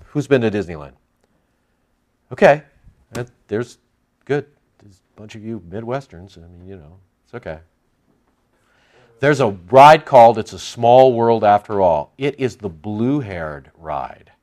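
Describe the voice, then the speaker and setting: A man teaching from the Bible in a sermon, animated and joking, acting out the people he quotes. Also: medium pitch, measured pace, long pauses. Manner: animated, jokey, acts out quoted voices. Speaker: preacher.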